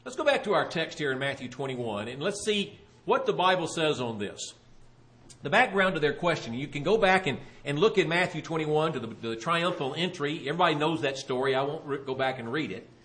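A man preaching a sermon, retelling a Bible story with animated storytelling and voicing the questioners. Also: on the high side, brisk.

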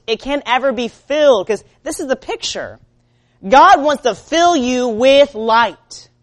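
A woman preaching a sermon in an earnest way. She moves between loud urging and quiet, low-spoken lines.

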